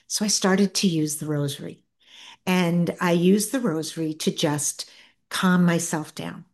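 Soft-spoken, earnest middle-aged woman. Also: fairly low pitch. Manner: soft-spoken, earnest, halting with many restarts. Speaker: author and interview guest. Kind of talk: reflective personal storytelling.

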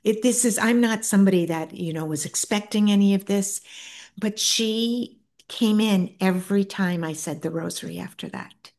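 A middle-aged woman, an author and guest, tells a personal story in a soft, earnest way, often stopping and restarting her sentences. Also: mid-range voice. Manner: soft-spoken, earnest, halting with many restarts.

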